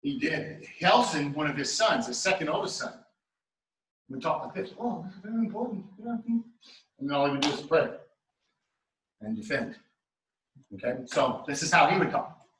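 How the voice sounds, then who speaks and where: A man teaching a martial arts class, calling out moves step by step in a steady coaching way. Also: fairly high pitch, normal speed, long pauses, a little hiss or hum. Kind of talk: class instruction. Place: training studio. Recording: echoey room, mic at a distance.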